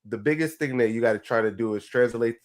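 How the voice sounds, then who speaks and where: A man talks casually on a podcast, working his thoughts out as he goes with plenty of "um" and restarts. His voice sits at an ordinary pitch for a man. He keeps a relaxed, conversational tone. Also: fast talker. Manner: rambling, hesitant, lots of fillers and restarts. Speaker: podcast co-host. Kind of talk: casual chat.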